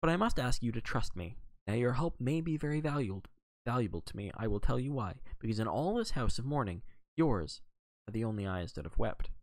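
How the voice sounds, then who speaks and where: A grave, formal middle-aged detective who speaks earnestly and courteously, as a man reads him aloud. The voice moves through a lively pitch range with a gravelly texture. The sound is dry and close. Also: fairly quick, no echo, natural voice. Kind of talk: reading a novel aloud.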